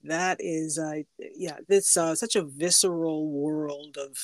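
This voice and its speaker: A woman's voice: low voice, fairly even intonation, slow, dry recording. A woman hosting a podcast in casual interview chat, chatty and laughing often, restarting her sentences as she goes. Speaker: podcast host.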